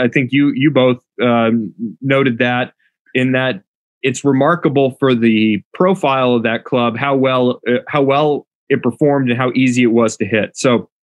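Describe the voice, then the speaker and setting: A man's voice: mid-range voice, no room sound. Man, producer, mid-range voice, dry close sound, analytical podcast chat. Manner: analytical, reading out club data. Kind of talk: casual podcast discussion.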